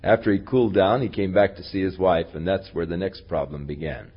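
A man teaching a Bible study, retelling a story in a lively, conversational way with dry asides, on a dull lo-fi recording. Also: low voice, brisk, slightly rough.

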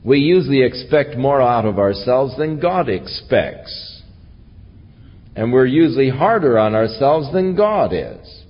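A man preaching in a slow, husky voice that swings widely up and down in pitch. The recording is dull and lo-fi, with a long echo from a large hall behind him. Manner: slow, earnest Bible teaching with lively rises in pitch. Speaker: pastor. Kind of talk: sermon.

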